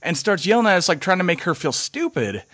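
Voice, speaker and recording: A young man casually telling a story on a podcast, animated, swearing and acting out what people said. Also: high-pitched, fast, no echo, clean studio sound. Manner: animated, swears, acts out quotes.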